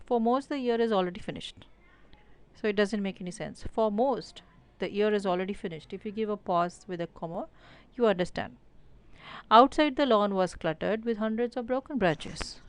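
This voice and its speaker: A woman's voice: medium pitch, clean tone. A woman with an Indian English accent teaching an online grammar lesson, explaining step by step with many fillers like "so" and "uh".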